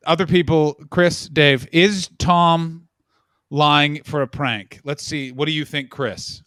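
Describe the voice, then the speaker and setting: Brief: North American male host, quick jokey asides, bright voice. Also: a little high, dry recording, studio quality. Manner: quick, joking, animated asides. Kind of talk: casual chat on a livestream.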